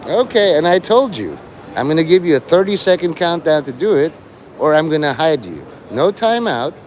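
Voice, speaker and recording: Animated man lecturing a livestream chat. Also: on the high side, normal speed, a little hiss or hum. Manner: lecturing, taunting, mock-teacherly.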